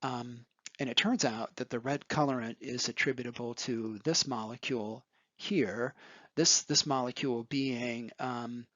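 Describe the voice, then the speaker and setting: Halting man recalling old lab days. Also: mid-range voice, fairly even intonation, a bit bright, no room sound, lo-fi sound. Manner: hesitant, many ums and restarts. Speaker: former graduate student. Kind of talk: recorded reminiscence over photo slides.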